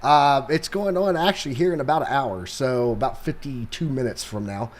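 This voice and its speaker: A young man reading through the week's economic calendar on a live stream, his voice at an ordinary pitch. He is loose and chatty, drops in sarcastic jokes, and pads his sentences with ums and uhs. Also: normal speed. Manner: loose and joking, sarcastic asides, many fillers. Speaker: co-host covering the economic calendar. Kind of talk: casual live-stream market update.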